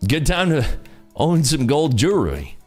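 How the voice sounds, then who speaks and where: Man, livestream host, tired, joking, lively pitch, faint music behind. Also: a little slow. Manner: animated, joking, reads chat aloud. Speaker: day-trading livestream host. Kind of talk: casual livestream chat.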